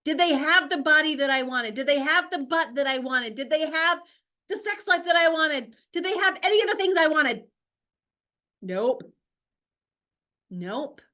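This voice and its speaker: High-pitched lady coach giving a pep talk, blunt, lots of rhetorical questions. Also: lively intonation, measured pace, long pauses, pushed and bright. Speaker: host, health coach. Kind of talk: motivational talk.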